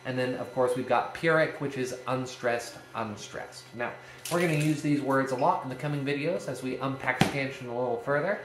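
A man's voice: medium pitch, a little fast. A man talks through a lesson on Shakespearean verse in a casual, playful way, slipping in jokes as he goes. His voice carries a noticeable room echo, with a faint hum of ambient noise underneath. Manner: playful, jokey asides with a lively delivery. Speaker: video series host teaching Shakespeare verse. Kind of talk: casual educational talk.

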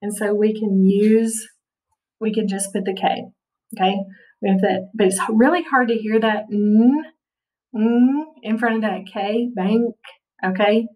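A woman's voice: medium pitch, steady tone, unhurried, darkish tone, recorded from a distance, low-quality recording. A woman teaching a spelling lesson, patiently sounding out words and checking in with her students often. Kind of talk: spelling lesson over slides.

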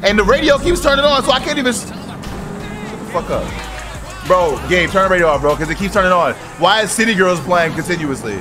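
Shouty, excitable young man gaming. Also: high-pitched, brisk. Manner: shouty, excitable, swears freely, talks to other players. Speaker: streamer playing a role-play driving game. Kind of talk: loud gaming commentary. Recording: game music playing behind.

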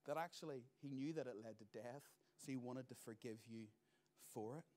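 A middle-aged male pastor preaches a sermon fairly quickly at an even, middle pitch. He drives points home with loud bursts, then drops to near-quiet asides.

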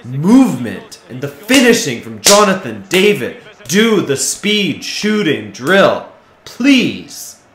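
A man commentating his own football video game, muttering then yelling with excitement, his voice going hoarse. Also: fairly high pitch, slow pace, roomy sound, a little hiss or hum. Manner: excitable, swings from mutters to shouts. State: losing his voice. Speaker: gaming YouTuber.

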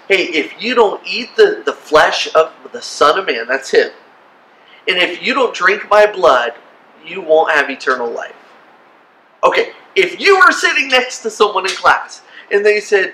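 A man giving an animated children's sermon as pastor, acting out silly voices and reactions. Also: sits high, unhurried, slight background noise, low-quality recording. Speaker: kids' pastor.

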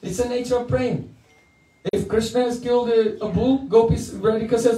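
A man's voice: very high-pitched, fairly quick, dark tone. Male teacher, playful storyteller, chants verses; roomy, off-mic sound. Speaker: spiritual teacher. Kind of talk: devotional lecture with chanting. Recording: echoey room, mic at a distance.

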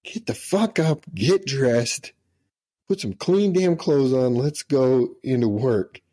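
A man voicing an angry male first sergeant who yells profanely at a young airman. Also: low voice, steady tone, a little slow. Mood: barking. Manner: yelling, profane.

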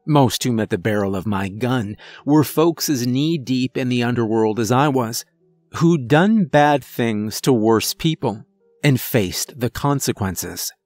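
Slow, measured male horror narrator. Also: mid-range voice, animated, a little mellow, no room sound, faint music behind. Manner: slow, deliberate, measured delivery. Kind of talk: scripted first-person horror narration.

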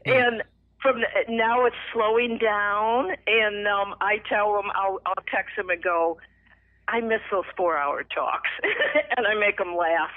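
A middle-aged woman calls in to share her faith testimony, retelling it with feeling and acting out each quote with lively jumps in her voice. Her voice is of middling pitch and comes through a thin, phone-like line. The sound is dry, with no room around it. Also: slow pace, no room sound. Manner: emotional, animated retelling with lively acted quotes. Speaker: radio guest sharing a testimony. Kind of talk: personal faith testimony, storytelling.

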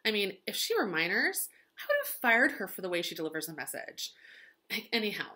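A woman's voice: medium pitch, sing-song, fairly quick, bright, forceful tone. A woman teacher retelling a play as gossipy valley-girl chatter, full of "like" and dramatic asides.

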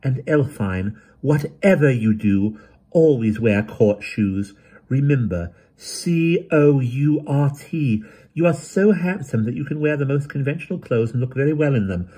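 Male reader voicing a severe, managing young woman; emphatic, husky, mellow tone. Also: medium pitch, animated, normal speed, voice pushed up. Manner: crisp, emphatic, commanding.

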